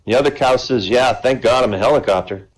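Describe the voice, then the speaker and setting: A man's voice: medium pitch, fairly quick, rough recording. A man telling jokes at an online comedy show, chatty and conversational, raising his voice to act out characters. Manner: conversational, tags lines with "right?"; acts out characters with a raised voice.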